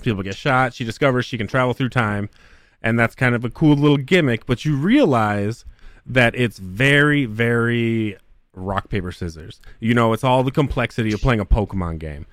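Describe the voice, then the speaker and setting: A man's voice: medium pitch, fairly bright tone, no echo, studio quality. A man hosting a casual podcast, ranting about a game with constant profanity and mockery. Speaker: podcast host. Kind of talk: crude casual podcast chat.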